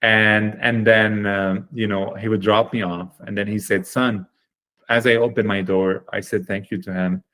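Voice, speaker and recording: A chocolate company founder appears as a guest on a podcast interview, relating his story earnestly and with animation. His voice is fairly low, his pace unhurried, and he uses plenty of fillers.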